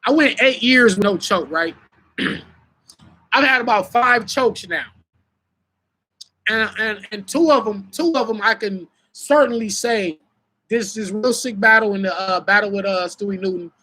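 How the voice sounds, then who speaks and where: A young adult man who is a battle rapper, hosting a live stream with casual, profane, animated storytelling. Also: high voice, a little slow, long pauses.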